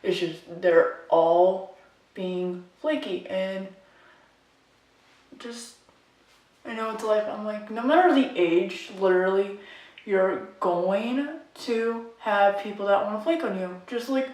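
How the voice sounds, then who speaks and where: A woman's voice: mid-range voice, slow, darkish tone. Frustrated young woman ranting in an echoey room. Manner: frustrated, rambling, full of "like". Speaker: makeup vlogger. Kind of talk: casual rant to camera. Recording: echoey room, mic at a distance.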